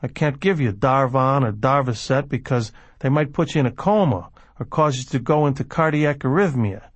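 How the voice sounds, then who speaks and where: A man's voice: medium pitch, normal speed, husky, no echo, lightly acted. A man voicing a cool, unsentimental former doctor who talks in a precise, clinical way.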